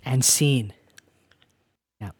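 A man's voice: mid-range voice, very slow, breathy edge, dry recording, studio quality. A Canadian man co-hosting a podcast, chatting casually and joking with a friend. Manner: joking, animated. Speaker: podcast co-host. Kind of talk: casual chat.

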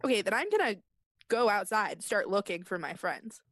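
A woman's voice: medium pitch, very animated, normal speed, fairly bright tone, no echo, studio quality. A woman playing in a tabletop game, eager and impatient to act. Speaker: player. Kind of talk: casual tabletop play.

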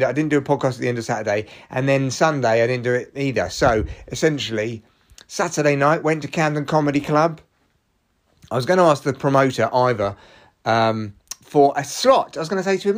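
A comedian rambles solo on his own podcast with hyper energy, restarting sentences as his voice jumps with excitement. He has a medium pitch and speaks at a normal speed.

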